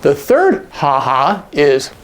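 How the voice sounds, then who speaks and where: A man teaching sign language in a casual, animated way, acting out example lines with big jumps in his voice. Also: on the high side, slow pace. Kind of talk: casual instructional talk.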